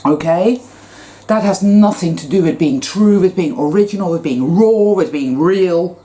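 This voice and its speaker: A woman's voice: fairly low pitch, measured pace, warm tone. A woman giving a blunt, profane, emphatic spiritual rant to camera. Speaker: spiritual vlogger. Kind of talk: ranting spiritual monologue.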